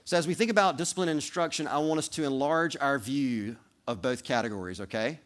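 A male pastor speaks quickly in a mid-range voice, aiming his sermon straight at the kids in the pews and playing out small role-play scenes.

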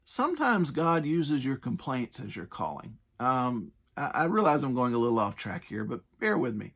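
A man's voice: mid-range voice, sing-song, moderate pace, creaky, a bit bright, breathy edge. A man preaching a sermon in a conversational, earnest way, stressing his points and adding casual asides.

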